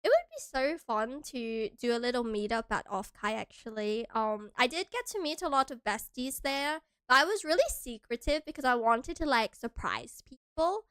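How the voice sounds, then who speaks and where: A woman's voice: a little high, sing-song, moderate pace, few pauses, fairly bright tone, smooth, no echo, studio quality. A young woman from Hawaii chatting casually on a stream, bubbly and giggly, sometimes breaking into squeals.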